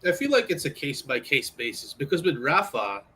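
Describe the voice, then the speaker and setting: A man answers in a measured, explanatory way on a live chat show. He works through his point by listing examples. His tone is bright and forceful, with faint ambient noise underneath. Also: a little high, big pitch swings. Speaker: co-host. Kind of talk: casual chat.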